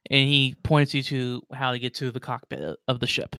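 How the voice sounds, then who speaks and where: Smooth-voiced man narrating a tabletop game. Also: mid-range voice, little pitch movement, brisk, pushed and bright, no room sound, clean studio sound. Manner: rambling, many fillers and restarts. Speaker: game master.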